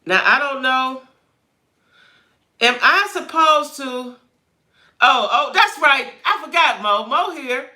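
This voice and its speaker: A woman hosts a casual live chat stream in a very bright, forceful voice. She talks straight to her viewers, greets them by name, and narrates her own fumbling with the stream settings as she goes. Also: high-pitched, expressive, slow, pauses often. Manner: thinks aloud while fumbling with stream settings. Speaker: livestream host.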